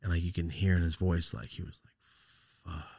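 A man hosting a podcast, telling a personal story in a raw, profane, halting way, his voice sometimes sinking almost to a whisper. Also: low-pitched, flat delivery, creaky, darkish tone, husky, no echo, clean studio sound. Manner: raw, profane, halting, drops to a near-whisper when upset. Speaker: podcast host. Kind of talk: casual storytelling.

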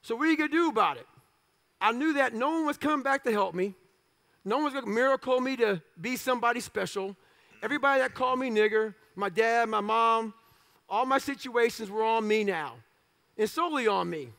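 Blunt, gravelly high-voiced male speaker. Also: fairly quick, a bit bright. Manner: blunt, profane, self-mocking humor; punchy clipped phrases. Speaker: motivational speaker. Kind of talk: motivational speech storytelling.

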